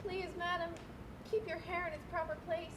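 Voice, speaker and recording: Girl playing a stuffy bank lady, real high voice, getting fed up, noisy stage tape. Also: flat delivery, moderate pace, fairly bright tone. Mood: stiffly patient. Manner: stiff, formal, increasingly exasperated. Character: harried prim female bank manager. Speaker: stage actor. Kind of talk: live stage play. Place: school auditorium stage. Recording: noisy live stage recording.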